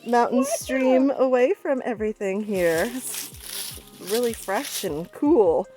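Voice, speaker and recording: A woman's voice: on the high side, expressive, takes it slowly, warm tone, faint music behind, low-quality recording. A young woman vlogging on a mountain trail with a handheld camera, chatty and laughing often, sometimes out of breath as she talks to her dog and friends. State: out of breath at times. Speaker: hiking vlogger. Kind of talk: casual trail vlog.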